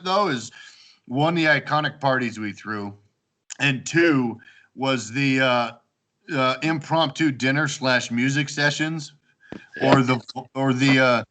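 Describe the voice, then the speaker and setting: Bright-voiced man telling party stories. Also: mid-range voice. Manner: animated, acts out quoted lines, laughs often. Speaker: storyteller among old housemates. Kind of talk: casual storytelling chat.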